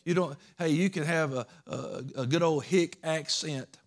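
Georgia Southern preacher with folksy delivery. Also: male voice, a little high, measured pace. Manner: folksy, earnest, repeats words. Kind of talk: sermon.

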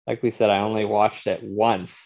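A man's voice: fairly low pitch, flat delivery, moderate pace, gravelly, a little mellow, muffled recording. A man co-hosting a casual movie podcast, laid-back with short replies. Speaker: podcast co-host.

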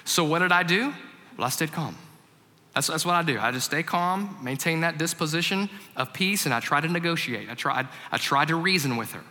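A man in his thirties, a family pastor, preaching a sermon with humorous stories and animated delivery that drops into hushed reflection. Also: on the high side, brisk. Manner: animated, shifts from loud comic storytelling to hushed reflection. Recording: long hall reverb.

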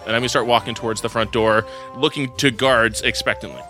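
Brief: male tabletop player, bright tone, steady action calls, light music behind. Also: medium pitch, quick pace. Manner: steady, plainly stating actions. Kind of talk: tabletop role-play.

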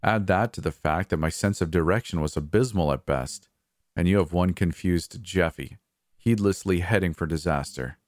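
A man's voice: sits low, normal speed, no room sound, clean studio sound. A man narrating a first-person horror story in an anxious, hesitant manner.

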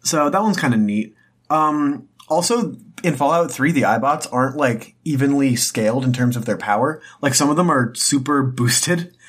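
A young man co-hosting a podcast in casual chat, relaxed and wry, filling his talk with ums and likes. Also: medium pitch, normal speed, husky. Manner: relaxed, dry self-deprecating humor. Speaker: podcast co-host.

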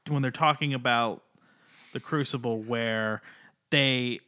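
A man co-hosting a comic book podcast, sharing his take in a halting, thinking-aloud way. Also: medium pitch, fairly even intonation, bright, forceful tone, clear, resonant tone. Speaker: podcast co-host. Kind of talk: casual comic book review chat.

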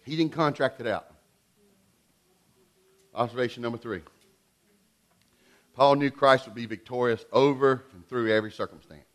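A middle-aged man preaching a sermon in an animated way, swinging between loud and hushed delivery. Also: medium pitch, moderate pace, long pauses. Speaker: pastor.

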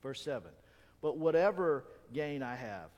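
A man preaching a sermon as pastor, animated and acting out quoted voices. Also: on the high side, measured pace, dull audio. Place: church sanctuary. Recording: long reverb of a church hall.

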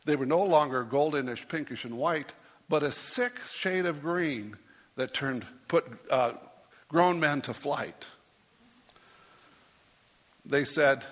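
A man's voice: fairly high pitch, slow pace, long pauses, fairly bright tone, in a large hall. A man preaching as a pastor, reading a rhyming story aloud in a playful way and putting on voices for the characters.

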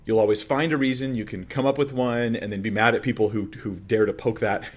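A man's voice: medium pitch, steady tone, brisk. A man preaching a sermon as a pastor, teaching through a Bible passage in a conversational way with emphatic rises and frequent restarts.

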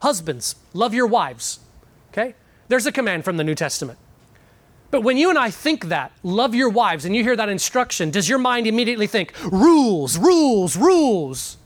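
A man's voice: sits high, very animated, a bit bright, dry recording. A man preaching a sermon earnestly, with frequent "um"s, repeating key words for emphasis. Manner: pauses with frequent fillers.

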